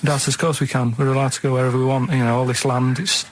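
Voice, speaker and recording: A man's voice: mid-range voice, level tone, quick pace, a little hiss or hum, poor audio. A man with a Mancunian accent telling a rambling, hesitant anecdote in a radio studio, often tagging sentences with "right?". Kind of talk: rambling anecdote in casual chat.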